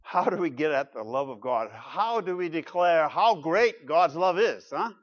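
A man preaching an expository sermon, animated and emphatic, with rhetorical questions and repeated phrases. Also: on the high side, unhurried, lo-fi sound. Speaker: pastor.

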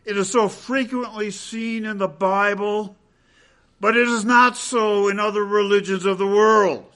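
A man preaching a sermon as pastor, swinging between loud emphatic peaks and hushed low passages, with rhetorical questions. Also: fairly even intonation, measured pace.

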